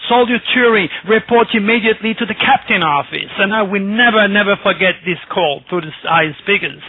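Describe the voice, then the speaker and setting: A man's voice: sits high, dry recording. A man from France, an astrologer guest telling a personal story on a radio interview, emphatic and repeating his words. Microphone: telephone. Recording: tinny phone line, dry.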